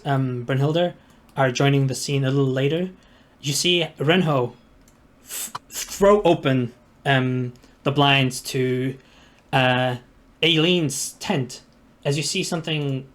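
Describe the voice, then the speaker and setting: A man narrating a tabletop game as game master, hesitant and full of ums and restarts. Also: mid-range voice.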